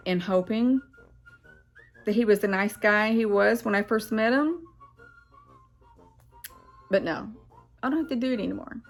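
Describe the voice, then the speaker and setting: A middle-aged woman vlogging, venting heatedly and bluntly about her ex-husband and swearing freely. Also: on the high side. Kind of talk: angry personal vlog rant.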